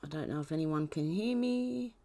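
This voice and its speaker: A woman's voice: low voice, expressive, moderate pace, gravelly, warm tone. A woman hosting a casual livestream, greeting viewers by name in a chatty way with frequent ums and small laughs. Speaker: livestream host.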